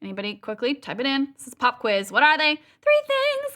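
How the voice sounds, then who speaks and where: A woman's voice: high voice, huge pitch swings, fairly quick, pushed and bright. A woman teaching a live online singing lesson, upbeat and playful, showing exercises with sung sounds over a video call. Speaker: vocal coach.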